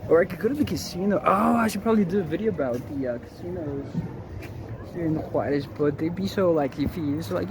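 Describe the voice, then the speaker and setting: A high-voiced man rambles cheerfully to his viewers while strolling through town. Traffic and city noise hum loudly around him the whole time, like a handheld street recording. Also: brisk. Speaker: vlogger. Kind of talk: casual walking vlog.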